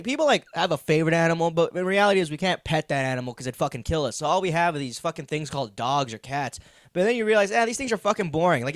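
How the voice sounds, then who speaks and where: A man's voice: a little high, fairly bright tone, dry recording, clean studio sound. A young man hosting a comedy podcast, ranting in a meandering, profane, self-deprecating way. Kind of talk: rambling comedic monologue.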